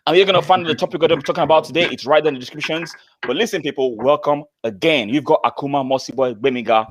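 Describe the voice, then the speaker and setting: A Nigerian man hosting a casual football chat, teasing his guests in quick banter. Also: on the high side. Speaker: host.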